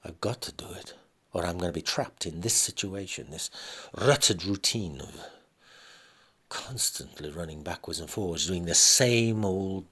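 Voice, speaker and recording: Brief: a man reading a hard, egotistical husband, deep and unhurried, dismissive. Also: lively intonation, pushed and bright, slightly rough, full character voice. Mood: insistent. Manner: firm, blunt, dismissive. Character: cold, self-centred middle-aged husband, a businessman.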